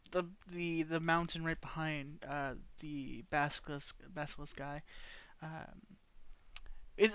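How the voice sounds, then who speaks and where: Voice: medium pitch, fairly bright tone, clear, resonant tone, dry recording. Hesitant game master on a dull mic. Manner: halting, many fillers and restarts. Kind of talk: narrating a tabletop game.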